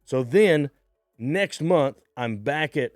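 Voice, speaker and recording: A stand-up comedian guesting on a podcast tells a story in casual chat, animatedly acting out the people in it and swearing freely. His voice is a little high and his pace slow, captured in clean studio quality with no echo.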